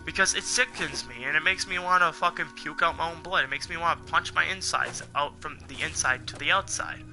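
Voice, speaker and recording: A young gaming channel host rants angrily at his viewers, venting in a rambling monologue full of swearing. His fairly high voice is bright and pushed, a little fast, with faint music behind.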